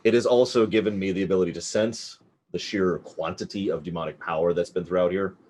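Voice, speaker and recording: A man playing a tabletop game who chats in an animated, self-mocking way. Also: low-pitched, fast, a little hiss or hum. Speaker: player. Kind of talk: casual tabletop game chat.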